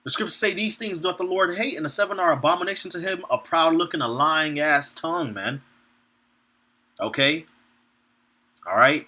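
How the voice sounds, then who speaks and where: A preacher speaks at normal speed in a bright, forceful, higher-pitched voice, pausing often. His informal sermon has him reading scripture aloud, commenting bluntly and profanely, laughing between points and checking in with listeners.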